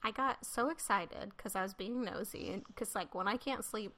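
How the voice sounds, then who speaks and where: A woman co-hosting a podcast, telling rambling stories with excitement in casual chat. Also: medium pitch, moderate pace. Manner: rambling storyteller, enthusiastic. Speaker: podcast co-host.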